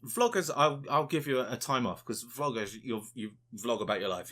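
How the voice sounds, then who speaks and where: A man's voice: lowish voice, brisk, hardly any pauses, fairly bright tone. A man co-hosting a casual podcast, ranting with lots of swearing and mocking quotes of other people. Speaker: podcast co-host.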